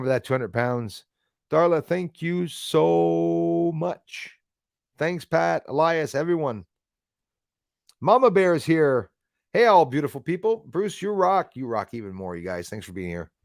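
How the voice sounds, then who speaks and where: A man's voice: on the high side, expressive, a little slow, vocal fry, no room sound, clean studio sound. A man hosting a casual live stream, chatting with viewers by name and swearing casually. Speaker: livestream host.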